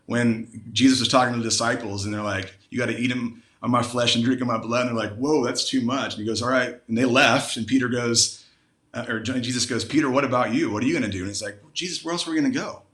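A man shares a heartfelt personal testimony as a guest on a live panel, his voice sitting at an ordinary pitch. He speaks earnestly over a video call, and the sound carries a noticeable room echo. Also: fairly even intonation, quick pace, fairly bright tone. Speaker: guest panelist, Christian musician.

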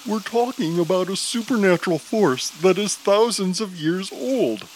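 An excitable, nervous superhero, played by a man, pleading urgently. His voice pitches noticeably higher and strains. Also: normal speed, a little hiss or hum, poor audio.

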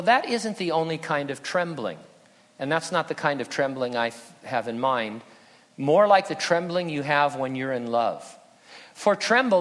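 A man's voice: a little high, a bit bright. A male pastor preaching an earnest, conversational sermon with touches of humor. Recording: long reverb in a hall.

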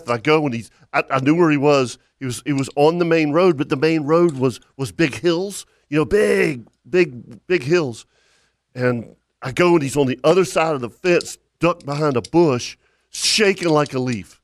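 A man's voice: a little high, a little slow, dry recording. A man hosting a fishing podcast who tells stories in a rambling, repetitive way and laughs through them. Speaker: podcast host. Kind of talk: casual storytelling chat.

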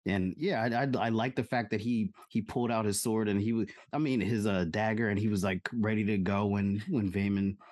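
Halting, low-voiced podcast co-host. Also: male voice, steady tone, darkish tone, no echo, studio quality. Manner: halting, many fillers and restarts. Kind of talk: casual chat about a TV episode.

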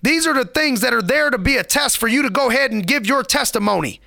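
A man's voice: very high voice, lively intonation, fast talker, creaky, pushed and bright, dry recording, studio quality. A man giving a motivational podcast monologue, preachy and emphatic, repeating lines for effect in casual street slang.

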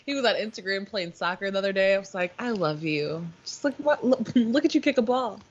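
Woman, playful podcast chat, lively pitch, dull noisy recording. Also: fairly quick. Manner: playful, teasing, giggly. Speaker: podcast co-host. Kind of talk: casual chat.

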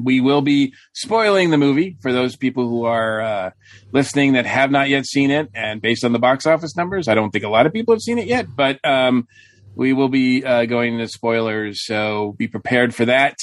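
Hesitant co-host, dry close sound. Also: male voice, mid-range voice, moderate pace, no echo. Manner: hesitant, filler-heavy. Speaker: podcast co-host. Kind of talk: casual podcast chat.

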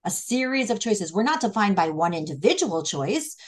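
A woman's voice: mid-range voice, big pitch swings, normal speed. A woman teaching a class on scripture, chatty and playful, often checking in with her students. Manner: conversational, asks "right?" often; acts out the fool's inner voice playfully. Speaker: Torah teacher. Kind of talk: online class on Proverbs.

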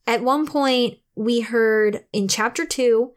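A woman's voice: on the high side, takes it slowly. Giggly woman co-hosting a book chat. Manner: animated, laughs often, playful. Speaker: podcast co-host, book reviewer. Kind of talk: casual chat.

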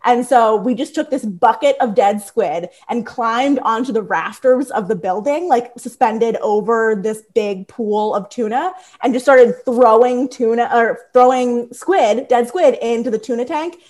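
Woman, Philadelphia accent, thirties, fairly high voice, animated casual storytelling, lots of "like". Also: a little slow, few pauses. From Philadelphia area. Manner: lively, frequent "like" fillers. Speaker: guest, squid biologist.

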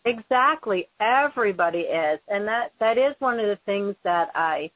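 A woman's voice: medium pitch, expressive, normal speed, no echo. A woman hosting an interview, speaking in an earnest, emphatic and encouraging way. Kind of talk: conversational interview. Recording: phone-like tinny audio.

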